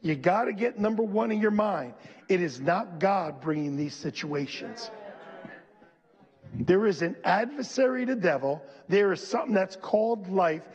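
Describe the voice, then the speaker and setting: A male pastor preaching a sermon, leading the congregation to repeat lines back, slowing on key phrases and building to shouts. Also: high-pitched, expressive, long reverb tail, dull audio. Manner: slows and stresses key phrases, rising to shouts. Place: church.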